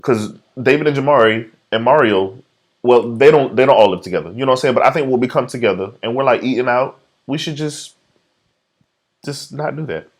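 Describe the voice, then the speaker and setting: A man's voice: mid-range voice, brisk. A man hosting a casual podcast chat, playfully defensive and breaking into laughter often. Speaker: podcast host.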